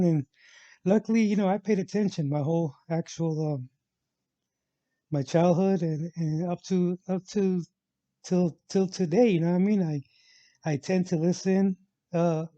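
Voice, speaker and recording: He has a high, mellow voice, captured in a dry, dull lo-fi recording with no echo. Telling a travel story of his own on his vlog, he rambles casually, stumbles into restarts and fillers, and keeps repeating "actual."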